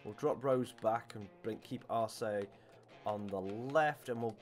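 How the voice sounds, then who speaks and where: A man streaming a football video game, giving jokey, excitable play-by-play and talking back to the players and referee. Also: mid-range voice, slow pace, faint music behind. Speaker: gaming streamer. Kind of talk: live commentary over a football video game.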